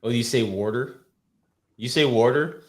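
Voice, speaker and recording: A man's voice: medium pitch, a little slow. A man hosting a casual livestream chat, joking and teasing his co-hosts over a video call. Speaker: podcast host.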